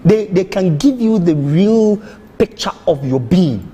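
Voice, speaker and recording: Lively storytelling man, reverby studio. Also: high voice, measured pace, husky. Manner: storytelling, acts out quoted dialogue. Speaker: guest speaker. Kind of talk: TV talk show discussion.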